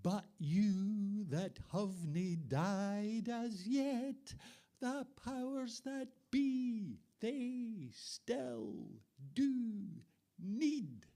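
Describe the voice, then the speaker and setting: Slow, smooth man reciting poetry. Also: sits high, expressive, dark tone. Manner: measured, deliberate recital. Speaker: poet. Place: live venue.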